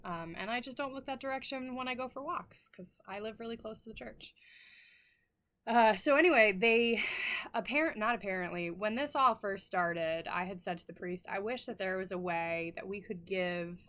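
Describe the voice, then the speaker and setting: A woman's voice: medium pitch, moderate pace, a bit bright. A middle-aged woman chatting to camera as a vlog host, rambling, apologizing and laughing often, emotional and close to tears. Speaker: flosstube host. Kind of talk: casual chat to camera.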